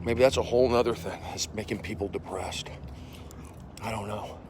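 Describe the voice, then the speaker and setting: A man in his forties, a comedian livestreaming from his phone while walking outdoors. He speaks in casual chat, reads viewer comments aloud, and coughs and clears an irritated throat. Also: lowish voice, normal speed, heavy background noise. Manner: animated, jumping from loud bursts to mumbled asides.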